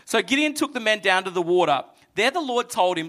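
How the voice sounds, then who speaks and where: A man preaching a sermon to a congregation, retelling a scripture story with animated storytelling and acting out the characters. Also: high-pitched, a little fast, hardly any pauses. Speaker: pastor. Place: church hall with congregation.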